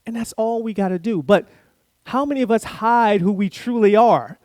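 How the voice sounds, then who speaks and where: A man giving a sermon, an animated, playful storyteller who talks directly to the congregation. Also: high-pitched, moderate pace, no room sound, studio quality. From Florida. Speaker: guest speaker. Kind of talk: sermon with a told joke.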